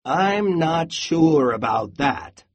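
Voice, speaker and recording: A reader doing a worrying storybook goat. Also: lively intonation. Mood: cautioning. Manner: slow, worried warnings, rising to high exclamations. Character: cautious goat warning about every danger. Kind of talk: storybook read-aloud.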